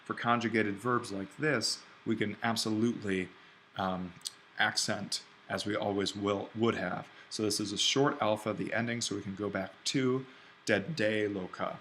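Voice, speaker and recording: A man teaching an online Greek grammar lesson, thinking aloud and slowing down to spell out each form. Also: fairly low pitch, steady tone, a bit bright, a little hiss or hum. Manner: explains step by step, thinking aloud; slows down to spell out Greek forms.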